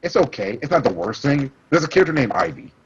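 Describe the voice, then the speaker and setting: An excitable young man chats on a podcast and jumps from topic to topic. His pitch swings up and down a lot, and a faint hiss sits under the recording. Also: fast, muffled recording. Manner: excitable, jumps between topics, laughs often. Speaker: podcast co-host. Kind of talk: casual chat.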